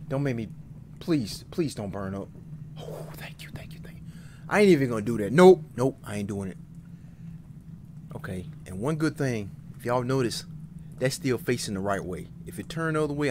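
A gaming streamer plays a horror game, jittery and talking back at it while insisting he isn't scared. He veers from loud outbursts to low muttering over a noisy background.

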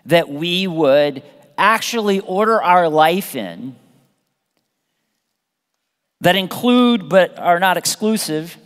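A man with a fairly high voice preaches from the pulpit, and his words ring out through the long echo of a church hall. He talks to the congregation in a lively, conversational way, repeats key phrases for emphasis and sometimes restarts a sentence. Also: clear, resonant tone. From Southern United States. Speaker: pastor. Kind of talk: sermon. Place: church sanctuary.

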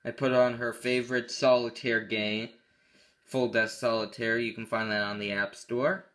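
A man with a bright, clear voice talks casually through a computer demo. He rambles a little and often stops to correct himself mid-sentence. He sounds offhand and unpolished, like a hobbyist host. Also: mid-range voice, level tone, normal speed. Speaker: tech channel host. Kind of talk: casual screen-recorded tech walkthrough.

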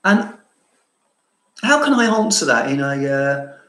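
A man's voice: mid-range voice, big pitch swings, takes it slowly, a bit bright. Chatty London man in an echoey room. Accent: London with a bit of Cambridge. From southeast London. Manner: chatty, self-mocking, laughs often. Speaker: fragrance vlogger. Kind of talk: casual chat answering viewer questions.

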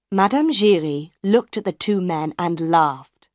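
A woman narrates a graded-reader story in a slow, deliberate, carefully clear manner. Her voice sits a little low. The recording is dry, with no room sound. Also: animated, darkish tone, no room sound. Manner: slow, clear, measured reading. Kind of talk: scripted audiobook narration.

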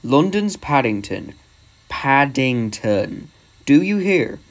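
A man's voice: fairly high pitch, big pitch swings, slow, exaggerated voice. A man voicing a stubborn small male tank engine in a storybook reading, indignant and insistent.

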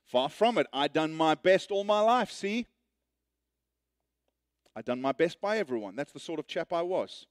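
A man voicing the ghost of a working man who insists on his rights, raising his voice higher and louder as he complains. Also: lively intonation, moderate pace, pauses often, no echo, studio quality, lightly acted. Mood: boastful. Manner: indignant, insistent, blustering.

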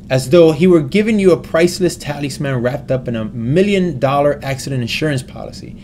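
A man reading a story aloud in a steady way, with small slips and restarts. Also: on the high side, fairly quick, hardly any pauses, slight background noise.

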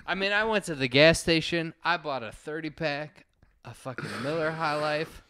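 A man with a bright, forceful voice tells rowdy stories on a casual podcast, acting out his friends' lines. His voice sits a bit high and sounds dry and close to the mic. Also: normal speed, smooth, dry recording. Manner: loud, animated storyteller who acts out friends' lines. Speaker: podcast co-host. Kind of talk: casual storytelling chat.

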